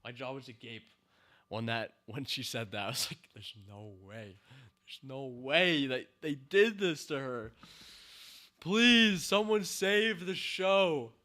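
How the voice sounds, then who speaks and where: A man's voice: medium pitch, unhurried, pushed and bright. A man reviewing a TV show in a ranting commentary, exasperated, sighing and laughing in disbelief.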